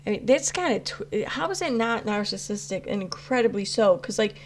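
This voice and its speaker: A woman's voice: mid-range voice, animated, a little fast, slight background noise. A woman talking loosely on a livestream, trailing off and restarting her sentences as she answers chat. She swears freely and breaks into laughter. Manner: rambling, restarts a lot, swears, laughs often. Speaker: commentary channel host reading live chat. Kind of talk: casual livestream commentary.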